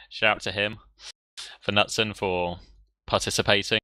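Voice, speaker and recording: A man with a low, very bright and forceful voice, recorded dry and close. He laughs often and rambles through thank-yous on a casual stream wrap-up. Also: level tone, a little slow, clear, resonant tone, dry recording. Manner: giggly, rambling shout-outs. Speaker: tournament caster.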